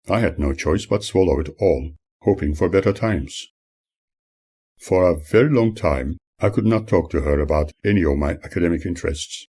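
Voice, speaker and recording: A man reading his own memoir aloud in an earnest, measured way. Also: deep voice, animated, darkish tone, slightly rough. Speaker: author narrating his memoir.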